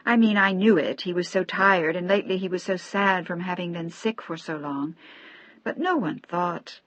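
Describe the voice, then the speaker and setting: Audiobook: a woman voicing a guilt-stricken widow, shaky and tearful, lowish voice. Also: normal speed, a bit bright, dry recording. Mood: tearful, faltering. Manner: faltering, tearful, barely audible. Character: grieving, guilt-ridden young widow.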